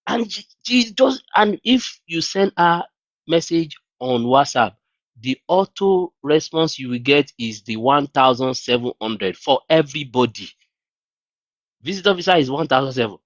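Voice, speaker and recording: A man hosting a casual livestream, talking in an animated, incredulous way and often mimicking others in a raised voice. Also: medium pitch, moderate pace, no room sound, lo-fi sound. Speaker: livestream host. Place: New Zealand.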